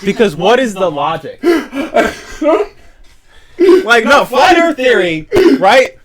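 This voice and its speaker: A man co-hosting a podcast who talks slowly in a high voice that swings widely. He sounds openly disbelieving and keeps breaking in to stop the other speaker. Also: big pitch swings, fairly bright tone. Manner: incredulous, keeps interrupting with repeated wait and hold on. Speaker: podcast co-host. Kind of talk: casual chat.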